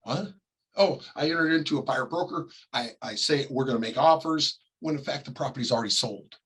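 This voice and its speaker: A middle-aged man from California teaching a class, talking casually and acting out quick examples, often coughing and clearing his throat. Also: mid-range voice, fairly bright tone, poor audio. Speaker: real estate ethics instructor. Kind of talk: classroom lecture.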